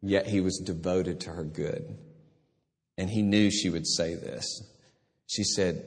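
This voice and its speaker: Husky man preaching in a reverberant hall. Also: deep voice, takes it slowly, long pauses. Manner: animated, acts out voices of people in the story. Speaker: pastor. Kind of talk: sermon.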